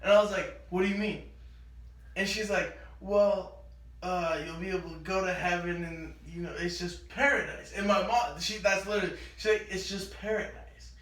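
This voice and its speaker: Man, casual storyteller, high voice, animated, echoey room. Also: moderate pace. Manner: animated, acts out quoted lines. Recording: echoey room, mic at a distance.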